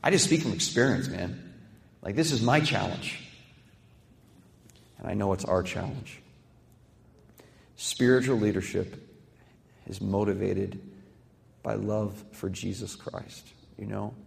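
A man preaching a sermon with passion, dropping to a hush and building to fired-up peaks, acting out quoted voices. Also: lowish voice, slow, gravelly, long pauses. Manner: quotes others in acted voices. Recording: echoey hall reverb.

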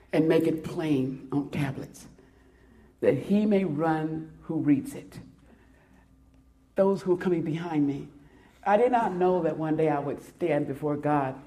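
Slow, mellow-voiced woman preaching a sermon. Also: deep voice. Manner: dramatic, swelling loud then dropping to hushed near-whispers. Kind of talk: sermon with a read-aloud poem.

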